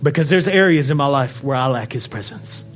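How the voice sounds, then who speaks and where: A male pastor preaching a sermon to his congregation, passionate and full of questions, dropping quiet and then building up to shouts. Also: mid-range voice, animated, a little fast, faint music behind. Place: church sanctuary.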